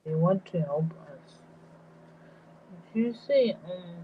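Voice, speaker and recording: A woman answering in an online language class speaks very slowly, tentatively thinking her answers through. She sits far from her mic, and the dull call audio carries a faint hiss. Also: on the low side, animated. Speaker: student. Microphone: video call, far from the mic.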